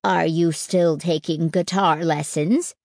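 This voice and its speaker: A woman reading a storybook and voicing an elderly grandfather on a farm, who speaks in a low, terse mutter. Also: fairly even intonation, slow, vocal fry, no room sound, clean studio sound.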